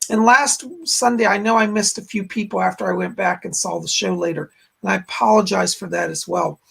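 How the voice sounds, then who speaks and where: A man hosting a psychic live stream with a hoarse voice that keeps going out, chatting to viewers and leading a guided meditation. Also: high-pitched, fairly even intonation, brisk, a bit bright. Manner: speaks straight to viewers, frequent throat clearing. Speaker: psychic medium host.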